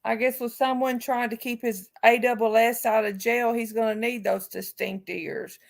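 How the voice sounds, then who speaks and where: A woman's voice: on the high side, fairly even intonation, normal speed, creaky. A woman hosting a live stream, speaking casually and outspokenly to her chat viewers with heartfelt remarks. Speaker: livestream host.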